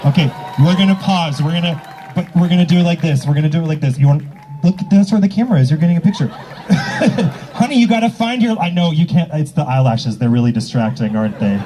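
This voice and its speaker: A man's voice: fairly high pitch, brisk, warm tone, slight background noise, poor audio. A man hosting as a drag emcee at an outdoor rally, bantering with the audience in a brash, teasing and profane way. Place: outdoor public square at a rally. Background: faint crowd.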